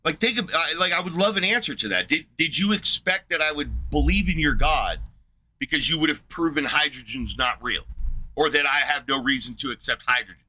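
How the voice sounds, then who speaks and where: A man's voice: a little high, lively intonation, bright, forceful tone. A man hosting a livestream, firing angry, profane questions at a chat participant he is frustrated with. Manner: combative, profane, rapid questioning. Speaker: livestream host. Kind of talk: heated livestream rant.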